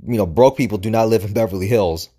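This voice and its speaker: A man's voice: lowish voice, quick pace, dark tone, slightly rough. A man hosting a podcast, delivering a motivational monologue full of swearing and rhetorical questions. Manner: profane, emphatic, rhetorical questions. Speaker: podcast host.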